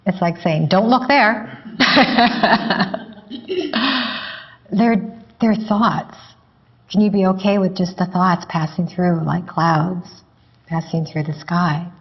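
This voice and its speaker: Slow, husky woman teaching calmly. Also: fairly low pitch. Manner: calm, unhurried, gently explaining. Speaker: meditation teacher. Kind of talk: spiritual teaching dialogue. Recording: dull lo-fi recording.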